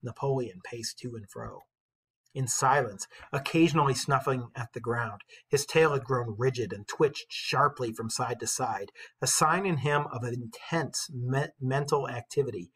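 A male teacher reading a novel aloud with expressive storytelling, pausing to comment for his class. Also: medium pitch, breathy edge, low-quality recording.

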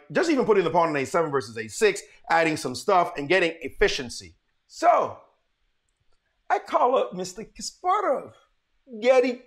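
Lively man teaching chess live. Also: a little high. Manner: animated, storytelling, calls to viewers. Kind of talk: live-streamed chess lesson.

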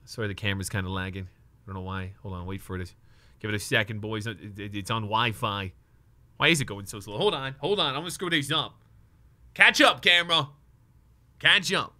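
A young man live streaming as he opens trading card packs, excitable and nervous, talking to his chat and swearing now and then. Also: fairly low pitch, a little fast, dry recording.

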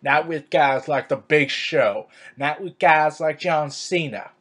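A man putting on a Southern accent to play a gruff, stubborn older male wrestling boss, speaking in a slow, dismissive drawl. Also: a little high, fairly bright tone, heavily acted. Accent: put-on Southern US.

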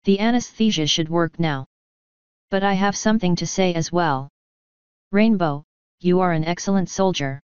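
A dignified pony princess with a formal, solemn manner, as a woman reading puts her on. The voice is low-set and very smooth. The recording is dry and dull. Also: moderate pace, a little mellow, no echo, natural voice.

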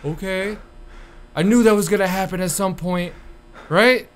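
A man's voice: high voice, steady tone, normal speed, a little mellow, smooth. A young man commenting on a horror game he is playing, nervous and jumpy, swearing and joking to himself. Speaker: gaming YouTuber.

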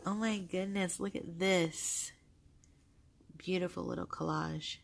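Woman vlogger, low voice, gushing casual chat, soft-spoken. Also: steady tone, slow, vocal fry. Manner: gushing, soft-spoken, with frequent fillers and laughs. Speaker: vlogger showing a journal. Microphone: handheld camera held close.

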